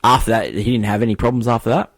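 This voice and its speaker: Low-voiced man recapping a film casually. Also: fairly even intonation, rapid-fire, no room sound. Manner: rambling, hesitant, full of fillers. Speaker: film review podcast co-host.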